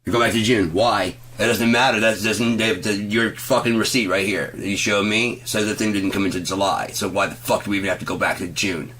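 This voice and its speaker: A man telling an angry, profane story about an argument over a bill, quoting both sides and swearing constantly, at times shouting. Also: on the low side, steady tone, fairly quick, hardly any pauses, a little hiss or hum. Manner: heavy swearing, retelling an argument with quoted back-and-forth, rising to shouts. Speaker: vlogger ranting to camera.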